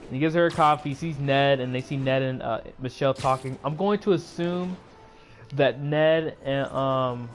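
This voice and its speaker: This YouTuber, a man, casually recaps a movie for his channel in a rambling, filler-heavy retelling. He's sleepy, yawning, and has a sore throat, speaking at medium pitch and a moderate pace. There's a little hiss or hum.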